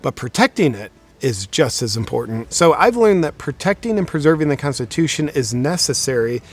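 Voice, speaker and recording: A young man hosting a video, delivering a sarcastic comedic monologue in a deadpan, mock-serious way. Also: fairly high pitch, brisk. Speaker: video host.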